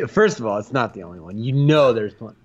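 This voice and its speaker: A man's voice: medium pitch, expressive, a little fast, husky, dull audio. A man co-hosting a retro game show, bantering casually and wryly with jokes while his partner plays. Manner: wry, joking interjections.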